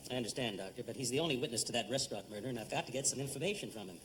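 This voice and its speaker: An actor playing a patient, stammering police lieutenant questioning a witness. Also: male voice, mid-range voice, very fast, lightly acted. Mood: coaxing. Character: polite, flustered male police lieutenant. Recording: very noisy TV studio recording.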